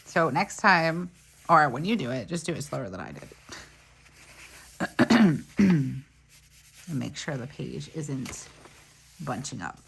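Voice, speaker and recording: A woman's voice: rumbling low, animated, slow pace, vocal fry, long pauses, fairly bright tone, breathy edge. A woman planner vlogger chatting casually as she walks through each crafting step and laughs off her small mistakes. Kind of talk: casual crafting tutorial chat.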